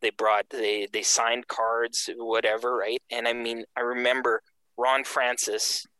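A man from Canada tells a casual story in a bright, clear voice. He lively acts out the people he quotes. The sound is dry and close to the mic. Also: mid-range voice, a little slow, no echo, low-quality recording.

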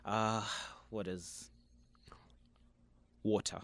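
A man's voice: fairly low pitch, little pitch movement, extremely slow, gravelly, a crowd in the background. A man from Zambia, a guest in a casual chat, who speaks in an easygoing way, laughs often and repeats words while he thinks.

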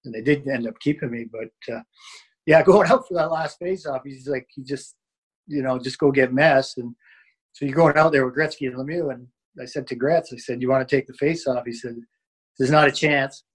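A former hockey player tells old stories in a casual interview, rambling, restarting often and filling gaps with "uh" and "you know." His voice sits at an ordinary middle pitch, brisk with a breathy edge, and the recording is rough.

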